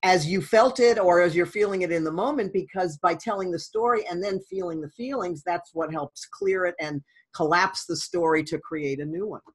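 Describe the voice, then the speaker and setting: A woman co-host in a casual talk, explaining calmly. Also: on the low side, moderate pace, husky.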